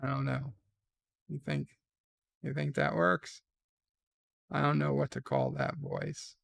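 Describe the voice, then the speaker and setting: A man hosting a live stream, chatting casually and reading out viewer comments with frequent hesitant pauses. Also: mid-range voice, big pitch swings, gravelly, fairly bright tone. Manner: unhurried, with frequent hesitant fillers.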